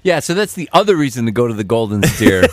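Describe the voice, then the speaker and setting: A man's voice: mid-range voice, big pitch swings, fast, dry recording. A man chiming in enthusiastically during a casual chat.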